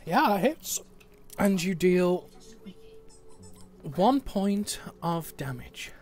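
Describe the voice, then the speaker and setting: A man with an English accent narrating as game master in a calm, matter-of-fact way over an online call. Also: sits high, very slow, soft background music.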